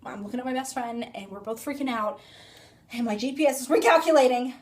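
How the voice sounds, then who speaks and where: A woman's voice: high-pitched, quick pace. A young woman vlogger telling a rambling casual story into her phone, full of "like" and fillers. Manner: chatty, rambling, filler-heavy "like".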